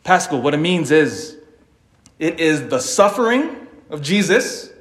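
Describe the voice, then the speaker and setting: A man giving a sermon, animated and dramatic, swinging between loud emphasis and quiet asides, with an occasional chuckle. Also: a little high, measured pace, reverberant. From Philippines (family). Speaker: preacher.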